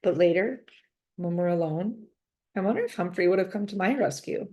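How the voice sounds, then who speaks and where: A woman reading a children's chapter book aloud, gentle and expressive, in first person. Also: on the low side, normal speed. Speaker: reader. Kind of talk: storybook read-aloud.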